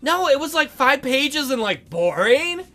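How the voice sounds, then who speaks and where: A man's voice: extremely high pitch, sing-song, a little slow, sharp tone, faint music behind, heavily acted. A man doing a pouty cat-girl. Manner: pouty, dismissive. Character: sulky young woman turned into a cat.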